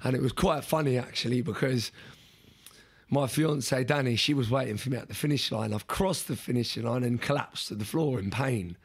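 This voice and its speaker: A man's voice: medium pitch, brisk, husky. A young man, a podcast guest, telling an earnest story in conversation, often restarting and repeating words.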